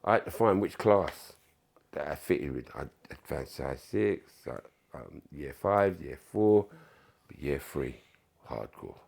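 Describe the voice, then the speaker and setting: A man's voice: rumbling low, animated, measured pace, gravelly, darkish tone. A man, a podcast guest telling stories in casual chat, acting out the dialogue, swearing, and dropping to whispers. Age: 60s.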